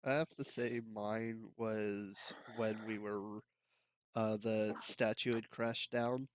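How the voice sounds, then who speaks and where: Gamer guy, smooth steady voice, slow, dry sound. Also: on the low side, dry recording. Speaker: player. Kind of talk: casual tabletop game banter.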